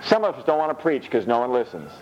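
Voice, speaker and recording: A man preaching a sermon in a church, reading scripture with animated, rising delivery. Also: fast talker, highs cut off, slight background noise. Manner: animated, rises high when reading scripture.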